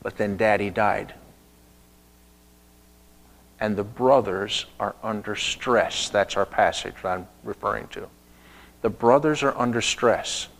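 A male pastor preaching a sermon, telling a story with rhetorical questions and sudden shifts between loud and hushed. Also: on the low side, slow pace, vocal fry, pauses often, low-quality recording.

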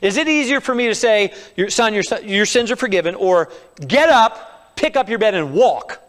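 A male pastor preaching a sermon, swinging from loud emphasis to hushed tones. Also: high-pitched, expressive, moderate pace, in a large hall. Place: church sanctuary.

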